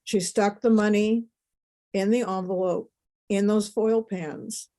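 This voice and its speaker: A woman's voice: mid-range voice, steady tone, slow, dark tone. A middle-aged woman, a podcast guest, telling a personal story in an emotional, rambling way with many asides.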